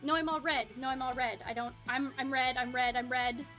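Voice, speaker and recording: A young woman with a high, bright voice chats casually with her livestream viewers from her home setup. She sounds bubbly and giggly, and she gets flustered easily as she talks. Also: steady tone, fairly quick, soft background music. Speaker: livestream host.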